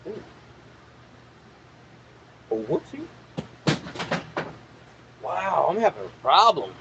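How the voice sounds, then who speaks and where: A man's voice: high voice, big pitch swings, very slow, creaky, a bit bright, slightly rough. A man hosting a plant-growing channel, thinking aloud and cursing at himself as he mixes nutrients in a grow room, in a casual talk-along style. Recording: dull lo-fi with faint background noise.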